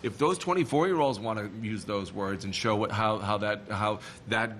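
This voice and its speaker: A man from Boston with a Boston accent, a board member speaking in a meeting, animated and full of restarts. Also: lowish voice, moderate pace, a little hiss or hum. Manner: animated, rambling, frequent restarts.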